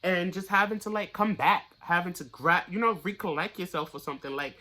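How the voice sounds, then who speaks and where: A tarot reader giving a casual, blunt and profane reading straight to the viewer, getting louder and higher when fired up. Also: fairly quick. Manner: blunt, profane, pep-talk delivery.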